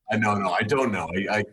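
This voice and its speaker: A man's voice: fairly low pitch, moderate pace, a bit bright, a little hiss or hum. A man co-hosting a podcast, chatting casually with dry, brief remarks. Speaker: podcast co-host. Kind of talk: casual chat.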